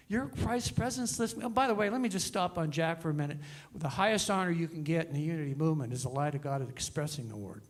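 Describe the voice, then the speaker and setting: A middle-aged male minister giving a conversational, animated sermon in a church. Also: sits high. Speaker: guest minister. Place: church sanctuary.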